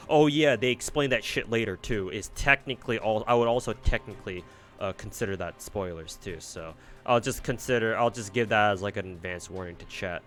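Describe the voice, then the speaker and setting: A man's voice: lowish voice, fairly bright tone. A man streaming as he reads a game aloud, chatting casually with his viewers and rambling with many restarts. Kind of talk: casual live-stream chat.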